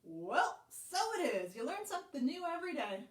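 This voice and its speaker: A woman voicing a jumpy, easily startled grown cowboy who blurts out loud, squealing exclamations. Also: high voice, very animated, brisk, reverberant, far from the mic. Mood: sheepish.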